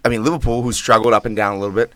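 A man's voice: on the low side, little pitch movement, racing, bright, forceful tone, no echo. A man co-hosting a casual soccer podcast, joking and talking through a meal at a desk mic. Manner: joking, talks while eating. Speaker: podcast co-host.

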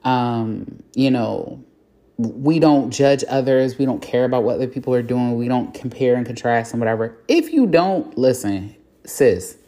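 A woman's voice: extremely low pitch, expressive, a little slow, mellow. A woman hosting a solo podcast, talking candidly in a chatty, self-deprecating way with some swearing. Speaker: podcast host. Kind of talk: casual solo podcast monologue.

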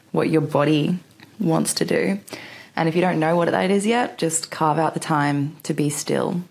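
A young woman hosts a podcast while sitting on her bedroom floor, chatting casually with frequent fillers and giggles. Her voice is deep, gravelly, and somewhat dark.

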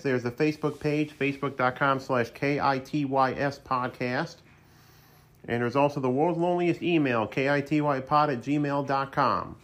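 A man hosting a solo podcast in a casual, chatty monologue. His voice sits at a middling pitch, and he keeps his delivery wry and self-deprecating. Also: fairly bright tone. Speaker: podcast host.

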